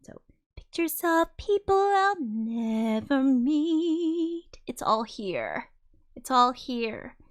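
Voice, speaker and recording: A woman's voice: mid-range voice, a bit bright. A woman hosting a casual livestream, thinking aloud as she explains her songs and now and then singing a line to show what she means. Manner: demonstrates by briefly singing lines. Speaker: livestream host and songwriter.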